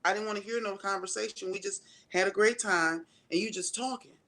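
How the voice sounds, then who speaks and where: A woman's voice: medium pitch, a little fast. Candid woman telling stories. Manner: candid storytelling, relaxed. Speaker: guest. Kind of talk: casual chat.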